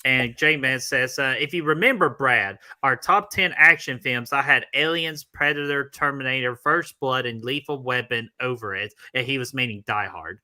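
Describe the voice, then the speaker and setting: A man co-hosting a casual movie-debate livestream, talking excitably and peppering his speech with fillers and "freaking.". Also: medium pitch, moderate pace, few pauses. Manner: excitable, filler-heavy, says "freaking" a lot. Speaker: podcast co-host.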